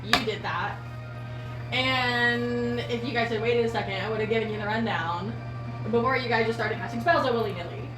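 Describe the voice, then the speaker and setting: Giggly woman game master, higher voice. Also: normal speed. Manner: casual, giggly, filler-heavy. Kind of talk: narrating a tabletop game. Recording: echoey room, far mic, music behind.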